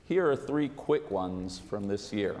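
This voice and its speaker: A man giving a sermon as a rabbi, with a measured, wry delivery. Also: on the low side, animated, darkish tone. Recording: long hall reverb.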